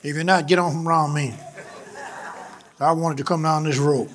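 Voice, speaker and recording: A high-pitched male preacher, delivering a sermon. He repeats his phrases, builds up the emphasis and calls out to the congregation as he goes. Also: fairly even intonation, normal speed, a bit bright. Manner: preaching with swelling emphasis and repetition, calling out to the congregation. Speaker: pastor.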